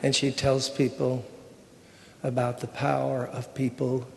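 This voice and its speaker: An older man giving a sermon with a personal testimony, telling the story in an emotional, conversational way that drops to a hush at times. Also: medium pitch, completely flat delivery, measured pace, creaky, big-room sound, slight background noise. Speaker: preacher. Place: church sanctuary.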